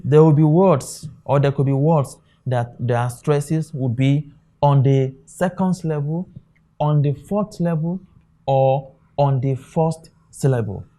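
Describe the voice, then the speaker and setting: An exam tutor teaches a lesson in a warm, mellow voice pitched in the mid-range, walking the class through examples on the board. Every so often he says "okay" to confirm the students are with him.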